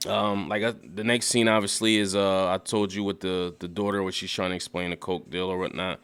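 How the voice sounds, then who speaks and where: A young man casually rambling through a TV episode recap, profane and animated, breaking into quick acted quotes. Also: deep voice, clear, resonant tone. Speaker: YouTube show recapper.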